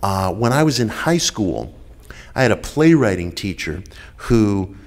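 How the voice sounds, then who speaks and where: Lower-pitched New man, deliberate lecturer, repeats key phrases, heard over a video call. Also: big pitch swings. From United States. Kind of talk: measured public lecture.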